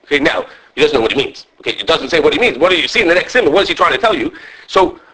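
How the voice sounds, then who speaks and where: A man teaching a Torah class in a high, animated voice. He rushes through his points and keeps restarting his sentences. He scatters "okay" and Hebrew and Yiddish terms through his English. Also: breathy edge, rough recording. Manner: often restarts and checks in with "okay". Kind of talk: animated halachic lecture with students.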